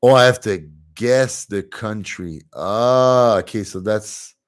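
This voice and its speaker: This man hosts a laid-back live stream, chatting away, responding to comments from viewers and laughing readily. He's a Montreal native whose first language is French, and he speaks at an unhurried pace in a fairly low voice.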